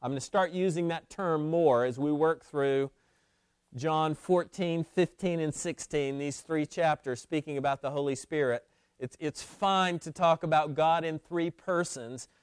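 Man preaching slow, clear smooth voice, a bit high, dry close sound, keeps repeating his points. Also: dry recording. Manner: emphatic, repeats key phrases, stumbles on restarts. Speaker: pastor. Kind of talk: sermon.

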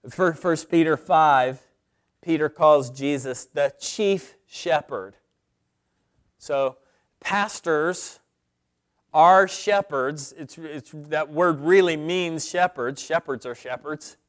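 A male pastor preaches at an unhurried, measured pace, leaning on key words and pausing to let them land. His voice is smooth and clear, sitting a little high for a man. He sounds middle-aged. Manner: deliberate, emphatic teaching with pauses. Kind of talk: sermon.

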